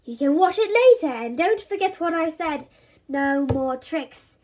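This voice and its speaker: A frazzled, strict mum who snaps orders and scolds, her voice pitched high , as a woman reader puts her on. She speaks sharply and loudly. It comes from a children's storybook read-aloud. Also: lively intonation, unhurried, slight background noise. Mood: stern. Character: harried mother, loud, strict, exasperated.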